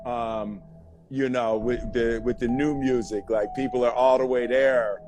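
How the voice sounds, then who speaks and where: A man's voice: medium pitch, steady tone, measured pace, over music. Teasing male livestream host. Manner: teasing, playful, mock-formal ribbing. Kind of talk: casual chat.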